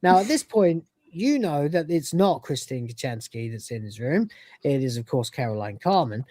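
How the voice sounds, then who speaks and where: Woman hosting a podcast, chatty and laughy, dark mellow tone, animated pitch. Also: moderate pace, no room sound. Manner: chatty, laughs often, retells scenes. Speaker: podcast host. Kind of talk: casual episode recap.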